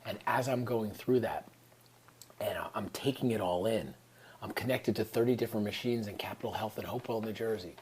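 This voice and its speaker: A man's voice: lowish voice, brisk, a little mellow, husky. A man, telling a personal story in an earnest, reflective way and often dropping into whispered asides. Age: 30s. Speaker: vlogger.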